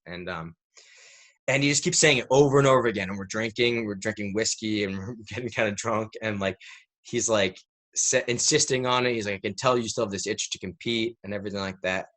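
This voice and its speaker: This American podcast guest in his thirties has a lowish voice and talks a little fast. In casual interview conversation he spins a rambling, animated story, leaning heavily on "like."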